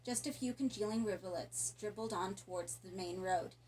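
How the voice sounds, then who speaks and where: A woman reading a horror story aloud in a calm, even narration. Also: mid-range voice, moderate pace, slight background noise, poor audio. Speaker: audiobook narrator.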